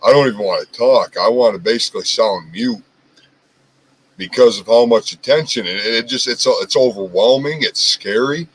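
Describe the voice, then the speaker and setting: A man with a deep voice hosting a casual chat, talking earnestly and candidly with many restarts. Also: normal speed, husky, rough recording. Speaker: host.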